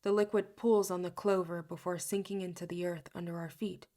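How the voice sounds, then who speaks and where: A woman's voice: on the low side, level tone, fairly quick, dark tone. A woman narrating an audiobook in first person. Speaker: audiobook reader.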